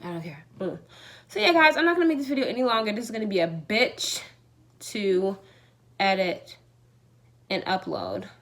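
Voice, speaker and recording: A woman's voice: mid-range voice, lively intonation, moderate pace, pauses often, fairly bright tone. A woman in her twenties telling a story in a casual vlog at home, acting out both sides of the exchange and swearing freely. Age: 20s. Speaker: vlogger. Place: home, in the evening. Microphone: phone or camera held close.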